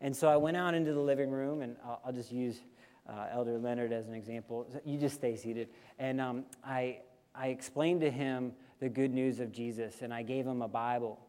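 A male missionary sharing a lively personal story with a congregation and getting listeners to repeat phrases after him. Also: mid-range voice, normal speed. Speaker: missionary speaker. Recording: long hall reverb.

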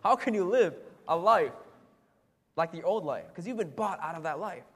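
High-voiced preacher in an echoey hall. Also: male voice, animated, normal speed, a bit bright, slightly rough. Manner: conversational, rhetorical questions, frequent "right?". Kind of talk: sermon. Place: church hall. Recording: echoey hall with long reverb.

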